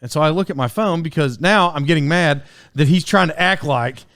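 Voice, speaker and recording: High-voiced rambling man in his forties. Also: brisk, a bit bright, no room sound, studio quality. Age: 40s. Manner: rambling, with frequent fillers and restarts. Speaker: podcast host. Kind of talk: casual solo podcast storytelling.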